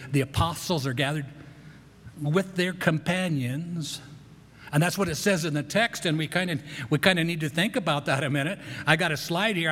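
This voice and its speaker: A man preaching in a church, his voice slightly high for a man and ringing in a long hall echo. He talks in a folksy, conversational way, circling back on his words with a light, joking touch. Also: a bit bright. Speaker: pastor. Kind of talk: sermon. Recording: echoey hall.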